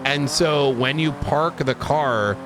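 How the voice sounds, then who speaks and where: Game car noise sits beneath this man's fairly high-pitched, slow voice as he plays a police officer in a game stream roleplay. His casual chat is rambling and loose, packed with fillers.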